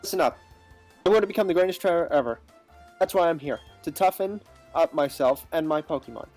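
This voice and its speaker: An eager young game rival, bragging that the treasure will be his, voiced by a player. The voice sits mid-pitch, and faint game music plays underneath. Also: expressive, fairly quick, darkish tone, lightly acted. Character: impatient, boastful young male rival trainer.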